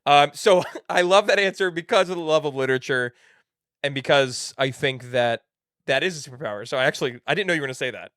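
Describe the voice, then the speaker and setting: A man's voice: fairly high pitch, fast, fairly bright tone, no echo, clean studio sound. A man in his late thirties hosting a podcast, interviewing a guest in a playful, enthusiastic way. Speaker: podcast host.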